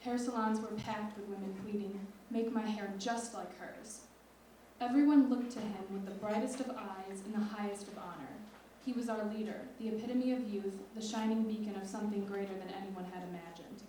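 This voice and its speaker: A teenage girl reading her own lyric essay aloud on stage in a measured, expressive way. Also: medium pitch, a little hiss or hum. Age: teens. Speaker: student writer. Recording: echoey hall from far off.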